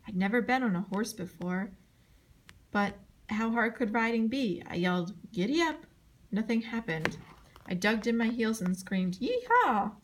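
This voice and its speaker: A woman reading a chapter book aloud, in scripted narration, giving the dialogue lively voices and jumping high for the shouts. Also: normal speed, a little hiss or hum. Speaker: audiobook reader.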